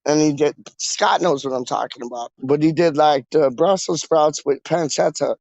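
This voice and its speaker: A man hosting a casual livestream chat, excitable and slangy, repeating catchphrases. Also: mid-range voice, a little slow, creaky, hardly any pauses, no room sound, muffled recording. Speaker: livestream host.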